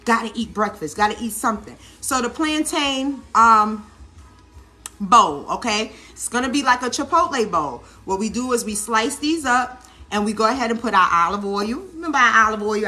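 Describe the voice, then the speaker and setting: A woman's voice: on the high side, animated, normal speed, bright, forceful tone, slight background noise. A woman vlogger and busy mom chatting casually while she cooks in her home kitchen, coaching viewers and checking in with "okay?" as she goes. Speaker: vlog host, busy mom. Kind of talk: casual cooking demo talk.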